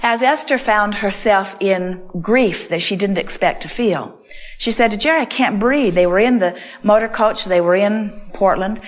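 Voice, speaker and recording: A woman speaking at a mid-range pitch delivers a seminar talk to questioners. She speaks emphatically and keeps returning to the same set phrases. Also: normal speed. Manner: emphatic, repeats phrases like "in other words" and "you see". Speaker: inspirational speaker answering audience questions.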